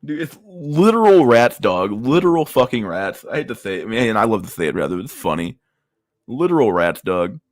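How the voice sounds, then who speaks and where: A man's voice: lowish voice, big pitch swings, moderate pace, dry recording. A man hosting a casual livestream, reacting to memes with crude slang-heavy banter. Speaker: livestream host.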